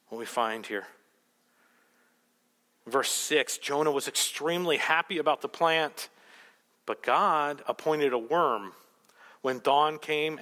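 A man preaching a sermon, emphatic and rhetorical, telling the story with animated asides. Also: medium pitch, in a large hall. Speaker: pastor.

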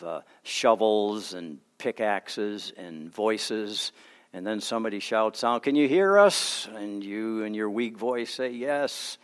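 A man preaching a sermon as pastor, earnest, moving between quiet asides and emphatic declarations. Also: lowish voice. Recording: long hall reverb.

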